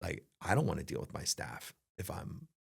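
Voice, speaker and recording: A man's voice: deep voice, huge pitch swings, moderate pace, creaky, husky. A middle-aged man in casual conversation, earnestly giving advice and acting out family exchanges. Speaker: podcast co-host. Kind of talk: casual leadership chat.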